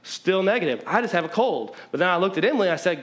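A man preaching to his congregation with a loose, conversational delivery. He pokes fun at himself and jumps into emphatic bursts. His voice sits slightly higher than most men's. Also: fast talker, few pauses. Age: adult, married with children. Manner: conversational, self-mocking, lively preaching. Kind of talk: sermon.

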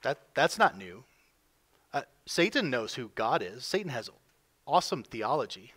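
A man preaching a sermon as pastor, building emphasis and swinging between loud pushes and quiet drops. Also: medium pitch, very animated, moderate pace, breathy edge. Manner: emphatic preaching, voices quoted figures with rising force.

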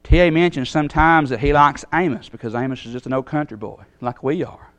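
A man preaching a sermon in a Southern American accent, folksy and animated, acting out the voices he quotes. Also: a little high, a little fast, dry recording. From Southern United States.

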